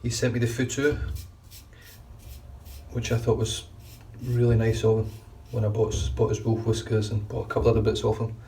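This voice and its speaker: This man's low voice stays flat as he chats at a moderate pace, rambling and frequently starting sentences over. He's a shaving vlogger giving casual running commentary while shaving, recorded on a distant mic with faint background noise.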